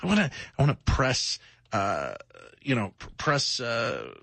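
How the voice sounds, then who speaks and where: A man's voice: mid-range voice, a little slow, creaky, no echo. Guy cohosting a late night radio show, jokey, voice bouncing all over, dry studio sound. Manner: joking, animated. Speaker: radio co-host. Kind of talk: casual radio banter.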